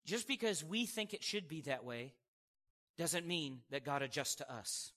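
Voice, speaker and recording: A male preacher delivering an animated sermon, asking the congregation questions and acting out scripture voices. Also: a little high, measured pace. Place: church hall. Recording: echoey hall reverb.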